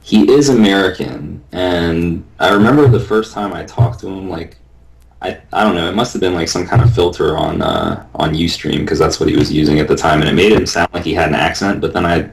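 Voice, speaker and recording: A man chatting casually, halting and hesitant, with many restarts. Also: sits low, creaky, low-quality recording. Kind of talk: casual chat.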